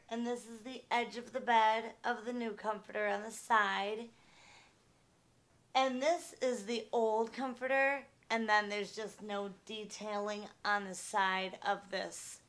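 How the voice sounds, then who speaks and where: A woman vlogger giving an unhurried, casual show-and-tell from her bedroom at home, with many ums and restarts. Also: mid-range voice, a bit bright, echoey room.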